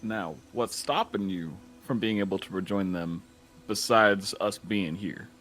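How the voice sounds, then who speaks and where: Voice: low-pitched, measured pace, a bit bright. A player in a tabletop game podcast, trading playful jokes in casual banter. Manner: joking, playful.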